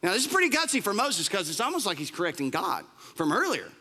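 Animated, bright-voiced male preacher. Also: sits high, fast, slightly rough. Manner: animated, conversational preaching with humorous asides. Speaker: pastor. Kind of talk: sermon.

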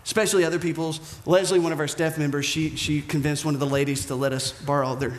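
A man preaching a sermon as pastor, animated, dropping to hushed whispers and rising to shouted emphasis. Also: a little high, fast, roomy sound, slight background noise.

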